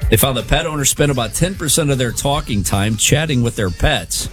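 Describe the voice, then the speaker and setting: A man's voice: mid-range voice, expressive, a little fast, soft background music. A middle-aged man hosting a radio show, joking and teasing his co-host while reading out survey results. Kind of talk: morning radio banter.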